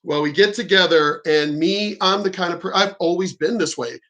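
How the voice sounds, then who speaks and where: A man's voice: sits high, moderate pace, a bit bright, muffled recording. A middle-aged man vlogging, telling a frank, profane and rambling story about his sex life. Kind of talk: candid storytelling monologue.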